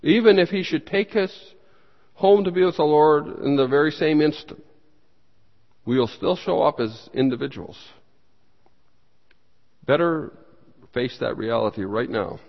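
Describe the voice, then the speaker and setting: With a gravelly voice, a measured pace and frequent pauses, a male pastor leads a Bible study. He speaks emphatically, jumping abruptly in pitch and volume, and asks the room questions he then answers. The recording is dull and carries long hall reverb.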